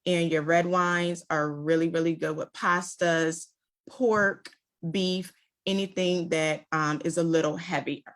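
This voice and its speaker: A woman giving a relaxed, chatty wine presentation over a video call. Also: lowish voice, a little slow. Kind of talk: virtual tasting presentation. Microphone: video call mic.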